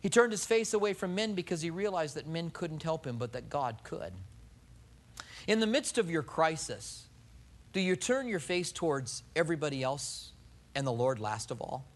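A male pastor preaches with a fairly high voice that swoops up and down with feeling. He fires off rhetorical questions at the congregation and acts out everyday quotes along the way. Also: expressive, normal speed. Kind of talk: sermon.

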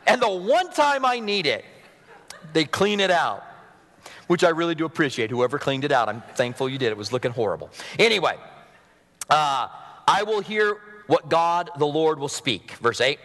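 A sniffly man preaching from the pulpit, earnest and chatty, with wry asides. His voice sits a little high for a man. It rings out with a long reverb through the church sanctuary. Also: lively intonation, moderate pace, fairly bright tone. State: sniffly from a cold. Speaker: pastor. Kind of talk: sermon.

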